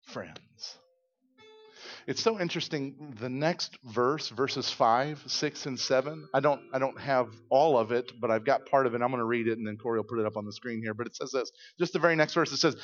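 A man preaching to his church in a middle-pitched voice, retelling scripture with lively, acted-out storytelling. The sound is slightly dull and muffled. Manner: animated storytelling, acting out voices. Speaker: pastor. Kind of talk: sermon.

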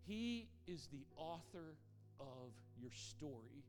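Animated man preaching in a reverberant hall. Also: a little high, slow. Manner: animated, repeats words when excited. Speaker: traveling pastor. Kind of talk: storytelling sermon. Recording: long hall reverb, faint music.

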